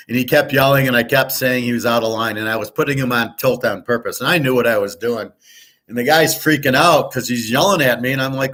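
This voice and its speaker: A man's voice: medium pitch, brisk, fairly bright tone. A middle-aged man from the United States, hosting a betting show and telling a rambling story in a blunt, profane, indignant way. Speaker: sports betting show host.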